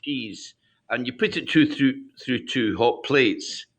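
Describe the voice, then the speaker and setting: A Scottish man joins a casual video call as a guest, speaking slowly in a medium-pitched voice. He sounds hesitant, with many ums and restarts.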